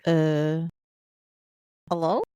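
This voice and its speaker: A woman's voice: deep voice, steady tone, extremely slow, dark tone, clean tone, no echo. A woman co-hosting a podcast in casual chat, flustered and laughing a lot. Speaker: podcast co-host.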